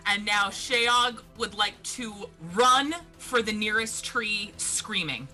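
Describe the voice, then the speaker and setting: A woman's voice: mid-range voice, slow, over music. A woman playing in a tabletop game, describing her character's actions. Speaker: player. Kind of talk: casual tabletop game talk.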